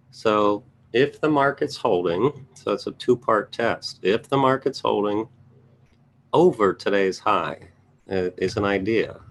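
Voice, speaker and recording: A man with a low, gravelly voice talks offhandedly through option trades, thinking aloud and tossing quick asides to viewers. A faint hum sits under the recording. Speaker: trading educator reviewing charts. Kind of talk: casual live market commentary.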